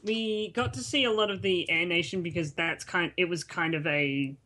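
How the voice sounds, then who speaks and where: A woman's voice: on the low side, normal speed, pushed and bright. Casting: woman host, casual online chat show, talks in loose bursts with restarts. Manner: chatty, restarts often. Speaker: podcast host. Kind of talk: casual group chat on a call. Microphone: home mic on a voice call.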